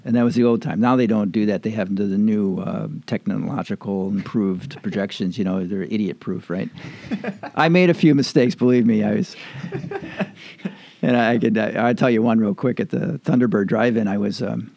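A man's voice: on the low side, moderate pace, vocal fry, darkish tone, no room sound, dull audio. An older man, interviewed, telling old stories in a rambling, chuckling way with plenty of fillers and restarts. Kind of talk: casual storytelling reminiscence.

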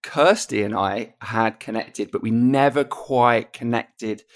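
A man in his forties, a podcast guest, candidly telling a personal story in a halting, reflective way with many restarts. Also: mid-range voice.

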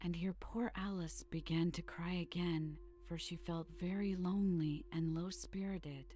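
A woman reading a storybook aloud at bedtime, soft and unhurried, slipping into whispers. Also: lowish voice, steady tone, dull audio. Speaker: audiobook reader.

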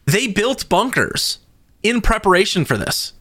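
Animated man telling a story on a podcast. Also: high-pitched, unhurried, no room sound, studio quality. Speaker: podcast co-host. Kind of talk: casual chat.

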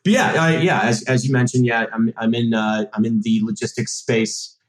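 A man's voice: mid-range voice, fairly even intonation, moderate pace. A man in his thirties from Massachusetts, a podcast guest chatting casually and rambling with lots of fillers and restarts. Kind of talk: casual chat. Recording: roomy echo.

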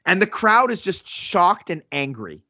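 A man co-hosting a podcast in casual chat, animated, laughing often and acting out quotes. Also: sits high, unhurried, no echo, lo-fi sound. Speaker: podcast co-host.

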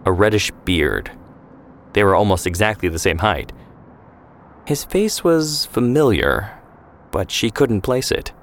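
A man giving measured, scripted narration of a historical story. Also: lowish voice, very animated. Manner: measured, descriptive.

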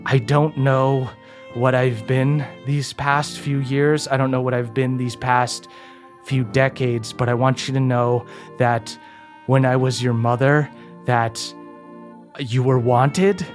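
A man voicing a remorseful, ghostly middle-aged mother who speaks haltingly and repeats her words, with faint music behind. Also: medium pitch, flat delivery, lightly acted. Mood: tender.

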